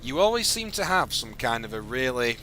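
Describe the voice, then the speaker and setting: A man's voice: mid-range voice, fairly quick, music in the background. A young man hosting a live game stream, chatting and joking with a co-host and viewers. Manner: chatty, jokey, lively delivery. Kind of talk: live gameplay chat.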